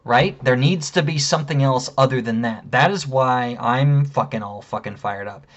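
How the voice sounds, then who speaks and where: A man's voice: mid-range voice, moderate pace, dull audio. A man telling a story in an angry, profane rant, heated and indignant. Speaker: vlogger.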